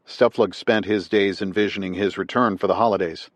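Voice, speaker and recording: A man reading nonfiction as an audiobook narrator, in a measured, steady way. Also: sits low, no room sound.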